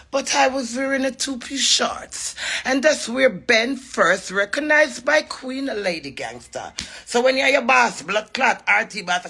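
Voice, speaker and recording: A woman with a Jamaican accent ranting at a rival to camera, brash, profane and mocking, breaking into sudden loud cries. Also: mid-range voice, lively intonation, measured pace, creaky, husky. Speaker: entertainer addressing a rival. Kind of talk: rambling taunting rant to camera.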